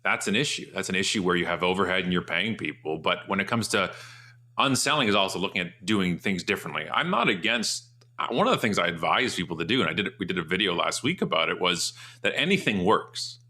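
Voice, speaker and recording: A man guest in a casual interview, telling loose, joking stories and jumping high in pitch when he mocks what others say. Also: fast talker. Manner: animated, jumps high in pitch for mocking quotes.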